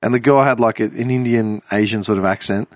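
Animated man telling a story. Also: fairly low pitch, no echo. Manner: animated, swearing, quick bursts of laughter. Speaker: podcast host. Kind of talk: casual storytelling chat.

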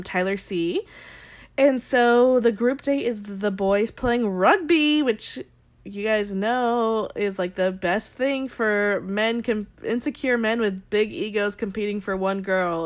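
A young adult woman recapping a show for her viewers in a rambling, candid way, full of "like" and swearing. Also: mid-range voice. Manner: rambling, heavy "like" filler, frequent swearing; addresses viewers directly, candid and opinionated. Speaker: vlogger recapping a TV episode. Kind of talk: casual chatty recap to viewers.

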